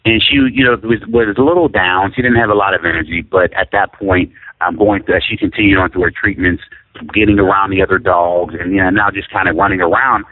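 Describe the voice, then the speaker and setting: A man's voice: low-pitched, steady tone, a little fast, dry recording. Man telling a story over a phone line. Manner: rambling, earnest, many fillers and restarts. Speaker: interview guest. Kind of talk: personal storytelling in conversation.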